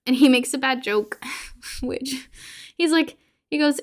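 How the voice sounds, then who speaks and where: A woman's voice: high voice, slow, long pauses. Woman, podcast host, casual movie recap, chatty, lots of fillers.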